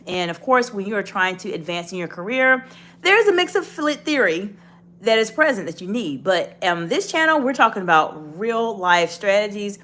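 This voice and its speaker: A woman's voice: mid-range voice, a bit bright. A woman giving a leadership coaching lesson, talking straight to the viewer in an encouraging, instructive way. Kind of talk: direct-to-camera coaching talk.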